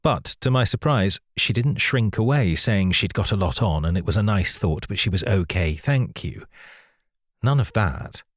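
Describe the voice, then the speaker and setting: A man narrates an audiobook in the first person. His voice sits very low and he reads in a measured, wry storytelling manner. The recording is dry and close, with no room sound. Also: animated, dry recording.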